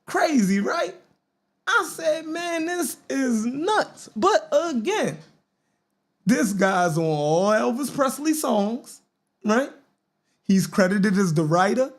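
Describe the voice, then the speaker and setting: Baltimore guy doing podcast commentary, slow and drawling, pitch jumps all over. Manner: animated, keeps asking "right?". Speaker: podcast host.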